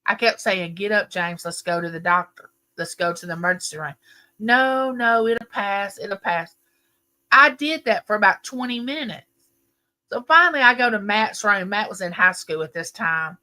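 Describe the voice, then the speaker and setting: On her livestream, a middle-aged woman with a mid-range voice casually recounts a lengthy family story at normal speed. As host, she's an animated storyteller who stresses her points.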